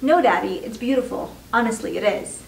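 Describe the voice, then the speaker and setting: A woman voicing a bright, polite little girl who talks sweetly and earnestly, read from a storybook in a roomy space away from the mic. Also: on the high side, expressive, a little fast, vocal fry, a little hiss or hum. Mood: pleading. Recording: roomy echo, distant mic.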